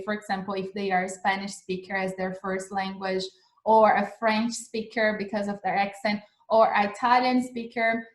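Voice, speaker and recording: Chatty woman teaching in an echoey room. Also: on the high side. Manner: chatty, repeats phrases, frequent "like" and "right?". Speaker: English teacher. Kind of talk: casual live-streamed lesson. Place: home in Australia.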